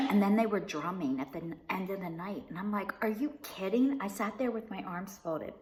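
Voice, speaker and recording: Chatty woman clearing a tickly throat. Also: mid-range voice, moderate pace. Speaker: vlogger. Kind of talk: personal recovery vlog, casual talk.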